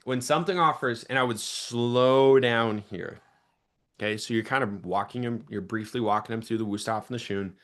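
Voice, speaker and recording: A young man coaching a sales team in an energetic teaching talk, shifting his pace and volume to stress points. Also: medium pitch, moderate pace. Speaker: sales trainer.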